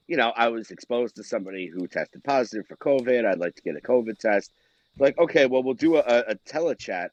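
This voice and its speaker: A man's voice: medium pitch, dry recording. Crude joking man on a lo-fi mic. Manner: crude joking, halting with many fillers. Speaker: podcast co-host. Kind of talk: casual chat. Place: home studio. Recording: dull lo-fi remote mic.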